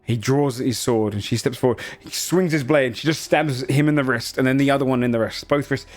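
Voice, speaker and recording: A man's voice: mid-range voice, fairly quick. A man running a tabletop game as game master, narrating loosely with many filler words.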